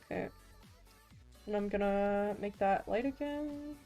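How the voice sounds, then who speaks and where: A woman's voice: medium pitch, measured pace, dark tone, faint music behind. A woman streaming as a vtuber, chatting casually with viewers while drawing, playful and self-mocking with frequent laughs and restarts.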